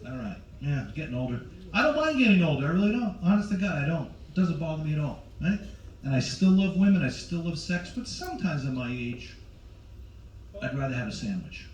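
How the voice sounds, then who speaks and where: A brash middle-aged man doing stand-up, teasing the audience directly in a voice pitched a little high. He sounds set back from the mic in a roomy lounge aboard a ship, with faint ambience behind him. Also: very animated, a little fast, darkish tone, distant mic, a little hiss or hum. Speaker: stand-up comedian. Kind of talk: stand-up with crowd work. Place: cruise ship show lounge.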